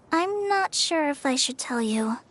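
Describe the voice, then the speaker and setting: A woman's voice: high-pitched, expressive, slow pace, a bit bright, heavily acted. A woman voicing a shy, polite young girl in a video game, hesitant and apologetic. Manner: hesitant, apologetic, nervous laughs.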